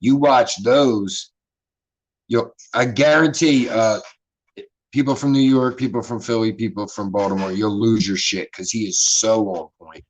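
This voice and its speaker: A man's voice: on the low side, fairly even intonation, measured pace, low-quality recording. Laid-back Philly man, rambling and profane. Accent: Philadelphia. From Philadelphia. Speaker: livestream host. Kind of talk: casual livestream chat.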